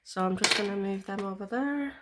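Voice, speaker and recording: Heavy background noise sits under this woman's brisk, mid-range voice. She's a vlogger giving a casual step-by-step nail tutorial, rambling chattily and using lots of fillers.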